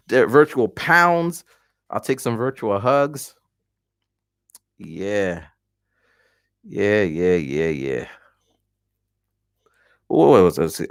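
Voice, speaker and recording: A man's voice: fairly low pitch, creaky, no echo, clean studio sound. A man in his forties chatting casually on a livestream at home, telling stories with voiced reactions. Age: 40s. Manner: animated storytelling with voiced reactions. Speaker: livestream host. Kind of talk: casual chat.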